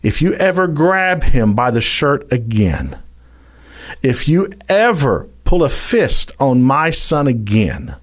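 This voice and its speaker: A man with a Louisiana drawl doing a stern Southern father issuing threats. The voice shouts high, then drops to slow, menacing demands. The pitch swings widely. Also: sing-song.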